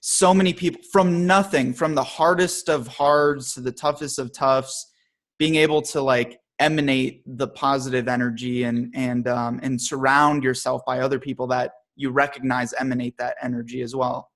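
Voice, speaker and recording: A man's voice: medium pitch, steady tone, normal speed, fairly bright tone. Easygoing podcast host man. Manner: easygoing, chatty questioner. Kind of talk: casual interview.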